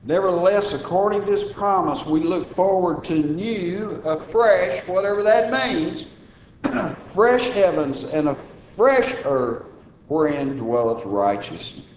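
A man preaching a sermon as church minister, folksy, with emphatic raised lines between low asides. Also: animated, slow, echoey room, slight background noise, low-quality recording.

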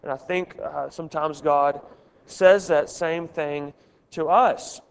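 A man's voice: a little high, steady tone, slow, gravelly, clean tone, in a large hall. A man leading a Bible study, earnest and asking his group questions.

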